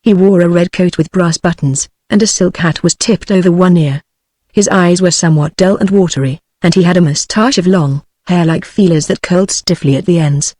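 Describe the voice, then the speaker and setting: A British woman's synthetic voice reading an audiobook in an even tone. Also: lowish voice, normal speed, dry recording. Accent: British English. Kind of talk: text-to-speech audiobook narration.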